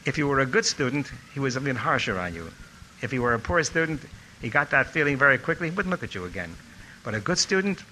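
A man's voice: mid-range voice, slight background noise, rough recording. An older man telling anecdotes about his former teacher in a reminiscing speech. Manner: storytelling, animated when quoting others. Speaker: former student giving a tribute talk.

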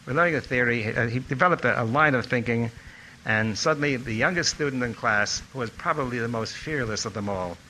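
Older guy telling stories about his old teacher, really bright edgy voice. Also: medium pitch, slight background noise, rough recording. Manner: storytelling, animated when quoting others. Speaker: former student giving a tribute talk. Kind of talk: reminiscing anecdotal speech.

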